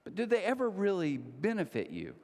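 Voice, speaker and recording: Man, pastor, sermon, storytelling, slightly high voice, long hall reverb. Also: a little fast. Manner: animated storytelling with acted-out quotes. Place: large church hall.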